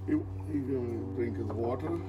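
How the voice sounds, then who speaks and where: A man's voice: mid-range voice, normal speed, dark tone, soft background music, poor audio. A man at home talking casually to his dog and the camera, coaxing and repeating himself, laughing often, with non-native grammar. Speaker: dog owner vlogger.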